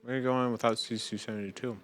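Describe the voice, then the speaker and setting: A young man co-hosting a podcast, chatting casually as he plays a video game, quick and full of asides. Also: mid-range voice, flat delivery, fairly bright tone. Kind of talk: casual let's-play commentary.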